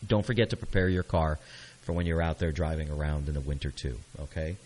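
A man's voice: very deep voice, brisk, a little mellow, rough recording. A man hosting a local radio show, talking casually and upbeat, coaching listeners and checking in with "okay?".

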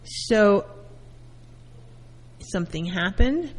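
A woman therapist giving a calm lecture, explaining terms through everyday first-person examples. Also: medium pitch, drawn-out words, in a large hall, rough recording. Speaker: therapist teaching.

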